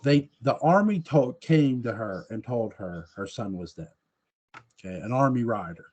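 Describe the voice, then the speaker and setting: A male podcast host in casual movie review chat, rambling and loose with his thoughts. His voice sits at an ordinary middle pitch. He laughs easily as he talks. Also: expressive, normal speed, a little mellow, highs cut off.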